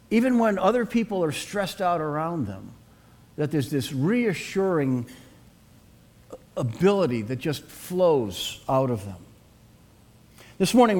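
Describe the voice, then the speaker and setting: Middle-aged man, Boston accent, pastor giving a Sunday sermon; voice sits a little high, earnest and storytelling. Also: darkish tone. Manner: earnest, reflective, with prayerful pauses.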